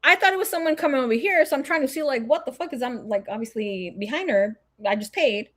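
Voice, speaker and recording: In a fast, high-pitched voice, a young adult woman animatedly and casually recounts a story, cursing often and acting out others' lines.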